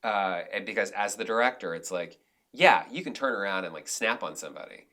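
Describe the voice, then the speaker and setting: Bright-toned man talking candidly. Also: on the low side, animated, fairly quick. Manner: candid, rambling, frequent restarts and fillers. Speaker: film director, podcast guest. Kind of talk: casual interview conversation.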